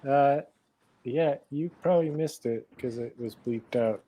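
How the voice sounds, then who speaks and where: A man hosting a casual chat show over a video call, easygoing and quick to laugh. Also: medium pitch, mellow, poor audio. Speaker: show host.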